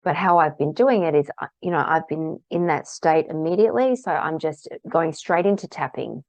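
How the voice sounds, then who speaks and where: A woman's voice: low-pitched, normal speed, no echo. A woman practitioner giving a casual, candid talk about tapping, acting out the phrases she repeats aloud while tapping.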